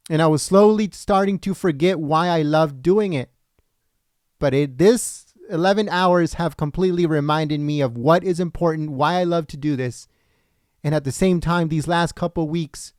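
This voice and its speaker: A man's voice: on the high side, darkish tone, no echo, clean studio sound. A man hosting a political livestream, speaking earnestly and directly to his viewers, his voice tired after a long broadcast. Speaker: livestream political commentary host. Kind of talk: casual livestream sign-off.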